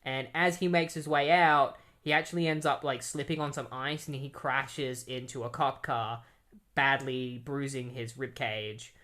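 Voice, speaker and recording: A man's voice: medium pitch, fairly even intonation, unhurried, bright, forceful tone. Rambling man recapping comics. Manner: rambling, heavy use of "like" and "um". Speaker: comic book reviewer. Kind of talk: casual plot recap.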